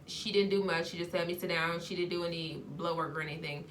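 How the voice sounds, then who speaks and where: Woman just chatting her story out, lots of ums, lowish voice but bright and punchy, bit of hum behind. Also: steady tone, fast talker. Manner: chatty, many ums, acts out quoted dialogue. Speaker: vlogger sharing her health story. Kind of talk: casual storytelling.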